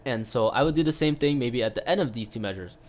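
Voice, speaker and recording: A man's voice: medium pitch, fast, slight background noise. A man giving a casual online piano lesson, explaining step by step with lots of "right?" tag questions and filler sounds. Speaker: piano teacher.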